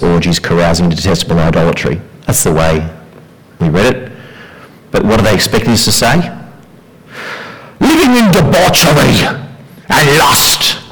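A man's voice: sits low, rough recording. A man preaching a sermon in a conversational way, often asking his congregation questions.

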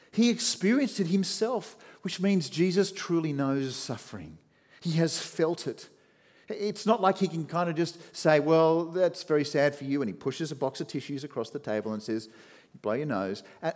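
A man preaching a sermon, swinging from loud emphatic rises to hushed, low passages as he reads scripture.

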